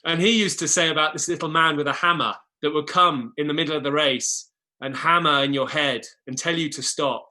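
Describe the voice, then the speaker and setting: A man's voice: fairly high pitch, steady tone, brisk, bright, forceful tone. A man in his thirties, a former rower, talking in a casual conversation with many restarts and repeated words. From England. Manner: hesitant, repeats words at the start of phrases. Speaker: guest, former Olympic rower.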